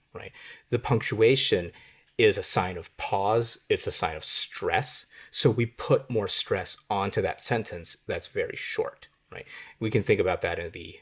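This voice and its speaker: A man with a somewhat low voice teaches writing in a relaxed, conversational way. He keeps checking in with the listener and works through the points as he talks. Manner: conversational, often asks "right?". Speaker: writing instructor. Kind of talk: explanatory lesson on writing.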